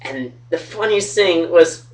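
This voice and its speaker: A young man with a slightly high voice, cracking jokes and swearing as he trash-talks his fantasy football league. He sounds a bit far from the webcam mic, indoors at home. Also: animated, takes it slowly. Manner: loose, profane, joking. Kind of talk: casual webcam trash talk and storytelling.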